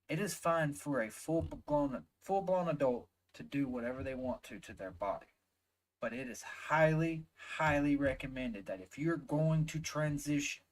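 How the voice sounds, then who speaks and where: A man's voice: on the high side, poor audio. A man with a Southern US accent giving heated, emphatic reaction commentary, swearing often and stressing words one by one. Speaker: reaction video host.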